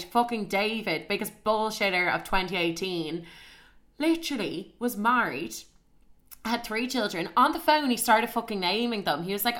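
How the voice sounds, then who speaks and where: A young woman telling a story in a casual monologue, animated and full of swearing and "like". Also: medium pitch, moderate pace. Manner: animated, sweary, heavy use of "like".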